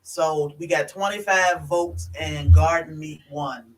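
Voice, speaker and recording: Easygoing man with a fairly high voice. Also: steady tone, takes it slowly, a little hiss or hum, low-quality recording. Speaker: co-host reading viewer comments. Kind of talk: casual live-stream chat.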